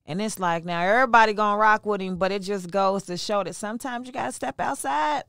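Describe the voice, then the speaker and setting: Animated woman chatting on a podcast. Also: medium pitch, fairly quick, no room sound, studio quality. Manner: animated, emphatic, slangy. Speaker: podcast co-host. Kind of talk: casual chat.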